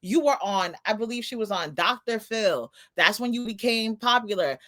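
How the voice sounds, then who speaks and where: Young woman cohost, bright voice that jumps all over, animated storytelling. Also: medium pitch, normal speed. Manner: animated storytelling, laughing incredulity. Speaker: podcast co-host. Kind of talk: casual chat.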